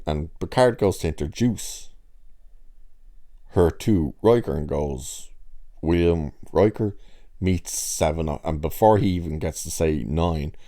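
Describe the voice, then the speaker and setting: A man's voice: very deep voice, warm tone. A man casually retelling a TV episode, rambling and acting out the characters' lines as he goes. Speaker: reviewer.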